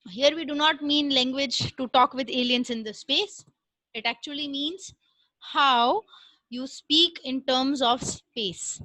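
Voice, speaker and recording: A woman giving a recorded classroom lecture, explaining step by step with frequent "uh" pauses and "right?" checks. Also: high voice, sharp tone, dry recording, low-quality recording.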